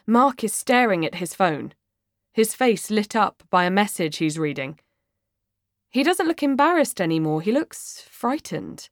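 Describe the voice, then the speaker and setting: A woman reading a first-person audiobook in an expressive, dramatic way. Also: mid-range voice, dry recording, clean studio sound. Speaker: audiobook narrator.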